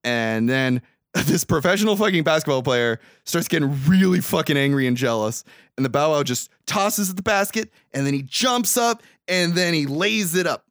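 Young male co-host, fairly high, animated voice, profane and quick to laugh, in a dry, close-miked sound. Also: no echo. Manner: swears freely, laughs loudly and often. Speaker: podcast co-host recapping a movie. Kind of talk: casual comedic chat.

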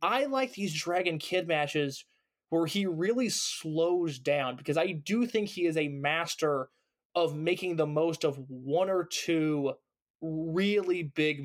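A man co-hosting a podcast, talking enthusiastically and rambling, often restarting sentences. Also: fairly high pitch. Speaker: podcast co-host. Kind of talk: casual chat, wrestling review.

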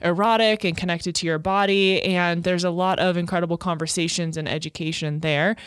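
A woman's voice: fairly low pitch, steady tone, fairly quick, smooth, dry recording, studio quality. A woman co-hosting a podcast in playful casual chat, reading sponsor notes and interviewing a guest. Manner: playful, giggly banter. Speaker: podcast co-host.

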